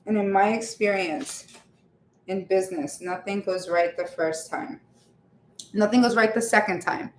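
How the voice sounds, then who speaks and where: A woman talks casually to her live audience while she bakes, laughing often and drifting off mid-thought. Her voice is mid-pitched and rings around a bare home kitchen. A faint hum of room ambience sits underneath. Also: measured pace, reverberant. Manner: chatty, laughs often, trails off with fillers. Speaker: vlogger baking on a livestream. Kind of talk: casual chat while baking.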